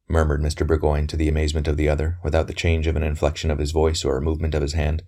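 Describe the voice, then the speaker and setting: A man reading a historical novel aloud in a measured, even storytelling manner. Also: very deep voice. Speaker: audiobook narrator. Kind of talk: scripted narration of a novel.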